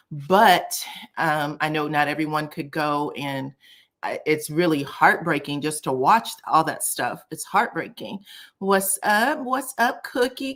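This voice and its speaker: A woman's voice: low-pitched, fairly bright tone. A woman hosting a casual live stream from home, greeting viewers by name and city and chatting loosely about online drama. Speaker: livestream host. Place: a cold room at home.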